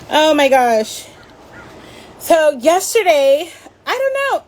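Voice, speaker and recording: A woman's voice: high voice, expressive, slow pace, long pauses, a little hiss or hum, poor audio. A woman hosting a live online book signing in a bubbly, chatty way, laughing often, over a video call. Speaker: bookstore host. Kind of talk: casual live-stream interview. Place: home setup in California.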